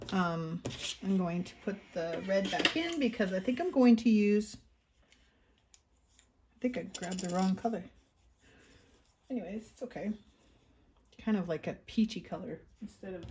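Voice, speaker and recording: A woman talks slowly and casually as she stitches and makes crafts, thinking aloud and clearing her throat now and then. A sewing machine runs at times, and a faint hiss sits under her voice. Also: mid-range voice, warm tone. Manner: chatty, thinks aloud while working, frequent throat clearing. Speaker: craft vlogger. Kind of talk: casual craft tutorial chat.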